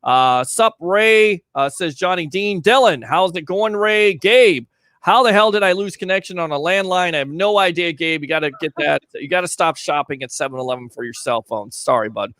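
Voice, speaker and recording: High-voiced male sports talk host. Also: moderate pace, fairly bright tone, dry recording. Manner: chatty, reads out viewer comments. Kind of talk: casual call-in sports talk.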